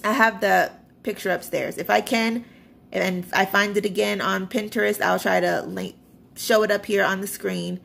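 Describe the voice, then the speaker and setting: Gravelly-voiced woman chatting about her budget. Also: mid-range voice, fairly even intonation, moderate pace, a bit bright. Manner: chatty, reads figures off a screen, self-deprecating. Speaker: budgeting vlogger. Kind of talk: casual budget walkthrough to camera.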